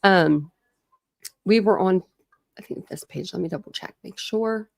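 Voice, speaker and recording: Greeting her viewers by name and laughing a lot, this Ohio woman chats her way through a casual true crime livestream. Her medium-pitched voice is unhurried, creaky and a little mellow, with no room sound.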